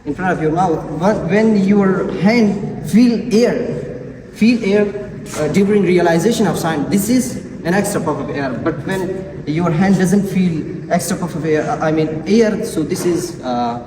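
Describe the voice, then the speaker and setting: A man giving a classroom presentation, repeating words and examples slowly and haltingly. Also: sits high. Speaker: student presenter. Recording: echoey classroom from far off, noisy.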